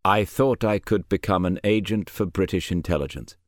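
A man's voice: low-pitched, moderate pace, dry recording, clean studio sound, lightly acted. A man voicing an earnest male German officer who has defected, answering guardedly in an audiobook.

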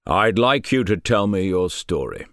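A man's voice: sits low, very animated, unhurried, fairly bright tone, no room sound, exaggerated voice. A man voicing a shrewd, rotund male colonel in his sixties, putting dry, probing questions in an audiobook.

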